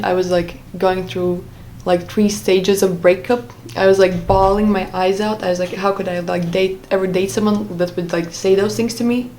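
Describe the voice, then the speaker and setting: A woman's voice: mid-range voice, darkish tone, a little hiss or hum. A young woman telling a personal story in a casual monologue, rambling, with many fillers and restarts. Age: young adult. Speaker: vlogger.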